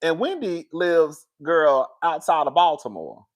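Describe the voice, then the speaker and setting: Woman, live-stream chat, animated, talks straight to her viewers, rises high and loud when riled up. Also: unhurried.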